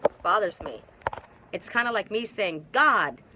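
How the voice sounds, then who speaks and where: A middle-aged woman, a twin soul facilitator, gives an emphatic, repetitive spiritual monologue outdoors in hot, humid weather. Her voice is medium-pitched at a moderate pace, with a noisy background.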